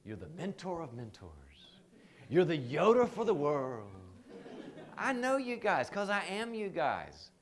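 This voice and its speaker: A man's voice: on the high side, wildly swooping pitch, unhurried. A man teaching a live training seminar in a conversational, joking way, often slipping into quoted voices.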